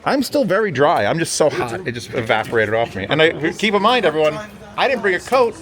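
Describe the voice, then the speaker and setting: A man's voice: on the high side, big pitch swings, fairly quick, crowd noise. A man hosting a casual vlog from a hotel room, rambling wryly and swearing often. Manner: rambling, profane and wry. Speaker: vlogger host.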